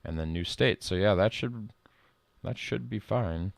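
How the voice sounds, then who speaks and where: A middle-aged man streaming live code work, reading lines aloud and thinking out loud in a casual way. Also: on the low side, unhurried, creaky, no echo, clean studio sound. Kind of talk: casual live-coding commentary.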